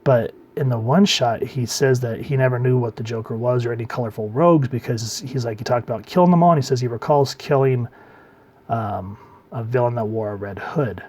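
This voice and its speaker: A man giving a casual comic book review, talking in a relaxed way and letting his phrase ends trail off quietly. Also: mid-range voice, fairly quick.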